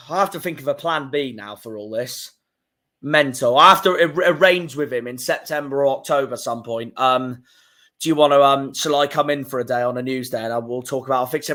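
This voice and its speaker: A young man streaming live, reacting to football fixtures, swearing and fuming with loud outbursts. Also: a little high. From England. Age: young adult.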